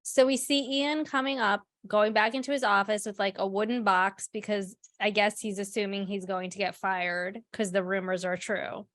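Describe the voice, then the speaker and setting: A woman co-hosting a podcast walks through a TV episode in loose, blunt chat, dropping swear words as she goes. Her voice sits at an everyday female pitch. The recording is close and dry, with no room sound. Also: level tone, normal speed, few pauses, a bit bright, no echo. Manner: blunt, swears freely while recapping. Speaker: podcast co-host. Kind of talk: casual podcast recap.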